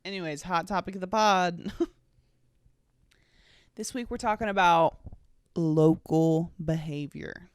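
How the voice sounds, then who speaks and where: A woman's voice: mid-range voice, a little slow, long pauses, clear, resonant tone, dry recording. A young woman in her twenties from the United States, hosting a casual solo podcast in a rambling, sweary, sarcastic way full of fillers. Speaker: podcast host.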